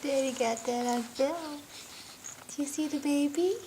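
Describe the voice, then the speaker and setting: A woman's voice: high-pitched, measured pace. A woman talking to her baby in a cooing, sing-song way, repeating questions and laughing, filmed at home on a handheld camera. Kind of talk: baby talk to an infant. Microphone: home video camera held by someone else. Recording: home video with clear background noise.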